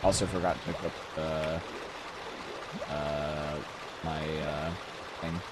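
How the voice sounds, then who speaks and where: A man's voice: extremely low pitch, level tone, takes it slowly, heavy background noise. A man giving casual live-stream commentary as he plays, often mumbling, trailing off and swearing at the game. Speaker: speedrunner streamer. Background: game music.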